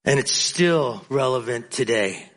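A man's voice: mid-range voice, lively intonation, measured pace, fairly bright tone. A male preacher giving an earnest, emphatic sermon, often repeating words as he builds his points.

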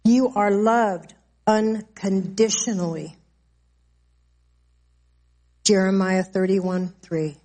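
A woman preaching a sermon in a mid-range voice. She speaks earnestly, slowing down to stress each scripture promise before moving on conversationally. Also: mid-range voice, warm tone. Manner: earnest, slow and emphatic when declaring scripture.

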